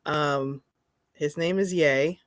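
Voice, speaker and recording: A woman co-host of a podcast, measured and reflective as she raises a question. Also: low voice, very noisy. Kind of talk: casual podcast conversation.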